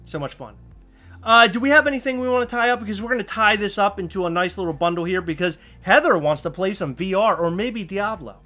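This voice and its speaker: A man hosting a podcast, telling a story in a casual, animated way with sudden loud outbursts. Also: high-pitched, fast talker, soft background music. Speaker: podcast host.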